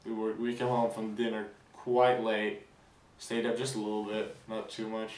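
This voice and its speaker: A man's voice: on the low side, normal speed, reverberant. Give me a young man chatting through a vlog recap, a bit far from the mic. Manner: rambling, excited, many fillers and restarts. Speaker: vlogger.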